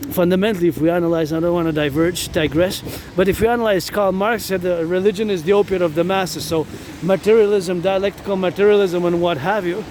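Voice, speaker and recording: Man, high voice, rambling, repetitive, outdoors in the rain, faint background noise. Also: darkish tone. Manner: rambling, repetitive, chants in bursts. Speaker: vlogger. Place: outdoors walking up a mountain in rain.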